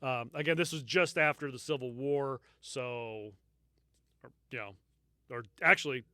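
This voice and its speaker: A man's voice: medium pitch, a little slow, sharp tone, smooth, dry recording, studio quality. A man co-hosting a true-crime podcast, recounting the case in casual, profane chat and laughing often. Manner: storytelling, swears freely, laughs often. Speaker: podcast co-host.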